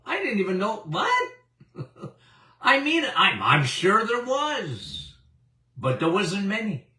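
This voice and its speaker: Animated older man, bright and roomy. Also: sits high, takes it slowly. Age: 70s. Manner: emphatic and repetitive, with chuckles. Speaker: doctor hosting a health show. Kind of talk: animated health talk to an audience. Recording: roomy, distant mic.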